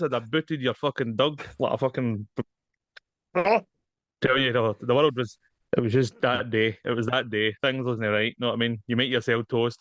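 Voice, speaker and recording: A Glaswegian man co-hosts a podcast, chatting in an easygoing, sweary way. His mid-pitched voice comes through slightly dull and dry, as if from a modest mic. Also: a bit bright, dry recording. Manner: swearing, laid-back. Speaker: podcast co-host. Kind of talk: casual chat.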